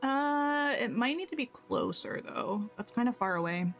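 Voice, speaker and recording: A woman's voice: on the high side, expressive, measured pace, soft background music. A woman chatting casually while livestreaming a game, thinking aloud and tossing in playful asides to her viewers. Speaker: game streamer.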